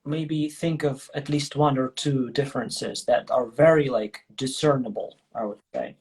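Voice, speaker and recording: A man's voice: mid-range voice, measured pace, darkish tone, husky. A man hosting a casual interview, chatty and loose in how he talks. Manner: chatty, many fillers and restarts. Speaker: host.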